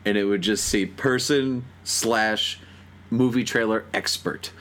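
A man's voice: fairly low pitch, slow, fairly bright tone. A man hosting a podcast, chatting casually with a guest, laughing and using lots of fillers. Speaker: podcast host.

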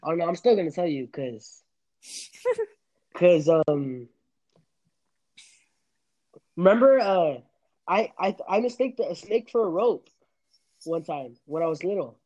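A man's voice: sits high, big pitch swings, takes it slowly, long pauses, mellow, muffled recording. Rambling young man on a podcast. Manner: rambling, restarts and laughs often. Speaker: podcast host. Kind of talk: casual chat.

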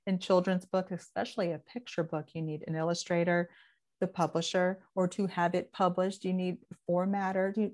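A woman hosting an interview, asking measured, encouraging questions. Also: lowish voice, darkish tone. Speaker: interview host.

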